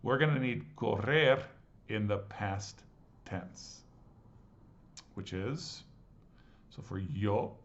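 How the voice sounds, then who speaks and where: A man teaching a language class, patiently walking through exercises and slowly sounding out words syllable by syllable. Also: lowish voice, animated. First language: English. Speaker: Spanish teacher. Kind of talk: explaining grammar exercises. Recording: slightly dull lo-fi audio.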